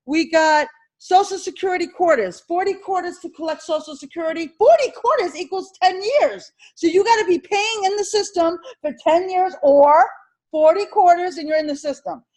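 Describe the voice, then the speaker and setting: A woman teaching an insurance licensing class, drilling terms over and over and firing questions at her students. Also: very high voice. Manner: animated, repetitive drilling with quick questions to students. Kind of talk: classroom exam-prep lecture.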